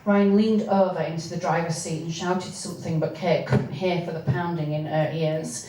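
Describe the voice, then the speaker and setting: A woman reading from her own novel, with hesitant spoken asides between steady passages. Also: fairly low pitch, moderate pace. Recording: echoey room, distant mic, faint noise.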